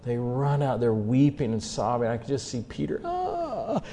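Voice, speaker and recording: A man preaching a sermon as a humorous story, acting out the scenes with big jumps in pitch and loudness. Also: steady tone, fairly quick, slight background noise.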